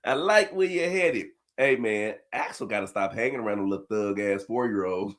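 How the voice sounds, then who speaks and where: A man telling a funny family story as host, dropping to low asides and bursting into high laughing shouts. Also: a little fast, few pauses. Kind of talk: storytelling comedy reaction.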